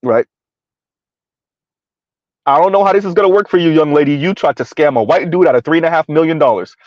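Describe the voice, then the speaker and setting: A high-voiced man doing blunt, mocking live-stream commentary and reading chat comments, laughing often. His voice sounds dull and lo-fi. The recording is dry and close. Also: fairly quick, no room sound. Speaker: online commentator.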